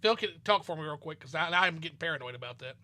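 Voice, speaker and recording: A man with a Southern twang mixed with a flat Midwestern accent, chatting loosely and swearing freely as host over an online call. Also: fairly high pitch, racing. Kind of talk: casual online chat. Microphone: online call mic.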